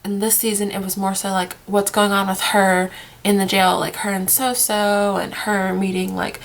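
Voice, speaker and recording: Tearful young woman vlogging, creaky voice. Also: medium pitch, level tone, moderate pace. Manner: tearful, rambling, trails into whispers. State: worn out from crying, sleep-deprived. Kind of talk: casual emotional vlog.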